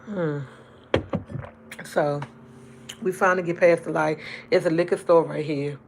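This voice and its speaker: Fast, rambling woman with a lowish voice. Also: vocal fry, background noise. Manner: fast, rambling talk that jumps around; chatty and animated when retelling events. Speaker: livestream host. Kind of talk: casual storytelling to a live audience.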